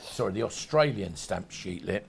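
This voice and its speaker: A man's voice: lowish voice, expressive, moderate pace, vocal fry. A man hosting a shopping channel, talking through collectables in chatty, rambling sales patter with frequent restarts. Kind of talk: sales presentation.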